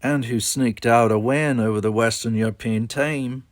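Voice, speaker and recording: A man voicing a cheerful young woman debater with a put-on Australian accent, high and breezy. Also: steady tone, moderate pace, no room sound, studio quality, lightly acted.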